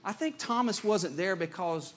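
A man preaching a sermon as pastor, conversational and animated, often repeating words as he goes. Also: sits high, moderate pace, a little hiss or hum.

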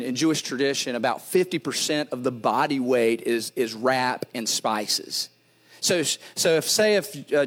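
Animated man preaching a sermon. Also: medium pitch. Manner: animated, repeats words and restarts, tells dad jokes. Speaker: pastor.

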